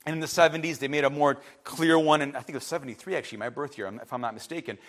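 A man, preaching an impassioned sermon that builds to shouting. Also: a little high, very fast. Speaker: pastor.

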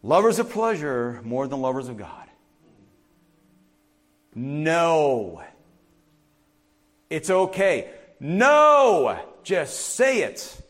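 Animated preacher man, lively pitch. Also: drawn-out words, pauses often. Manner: animated, swings from loud urging to quiet asides. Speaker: pastor. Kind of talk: sermon.

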